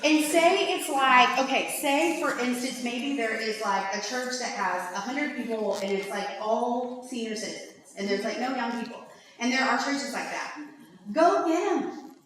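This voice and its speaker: Woman, conference speaker, higher bright voice, chatty and animated; echoey hall, mic well off. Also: moderate pace. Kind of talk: faith-based conference talk. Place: large lecture hall. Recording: echoey hall from far off, faint hiss.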